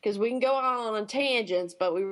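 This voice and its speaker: A woman with a Southern American accent, a radio guest telling her story in an unhurried, rambling way. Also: on the high side. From Kentucky, USA. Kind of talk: casual radio interview.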